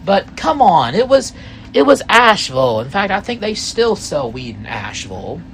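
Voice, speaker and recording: A man in his thirties telling a first-person story, rambling and halting, full of asides. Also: high-pitched, very animated, a bit bright, slight background noise.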